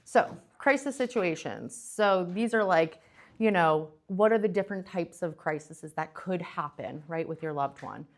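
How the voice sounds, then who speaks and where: A young adult woman with a slightly low voice gives a conference talk. She speaks casually, and her sentences are full of fillers, restarts and quick asides to her listeners. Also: lively intonation. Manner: chatty, many fillers and restarts. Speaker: presenter.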